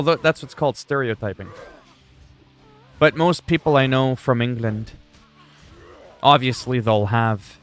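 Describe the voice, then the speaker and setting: A man from Canada talks through a livestream in a loose, chatty way. He rambles from one thought to the next and greets viewers by name. His voice sits at a middle pitch, with faint game music playing behind him. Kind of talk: casual gameplay chat.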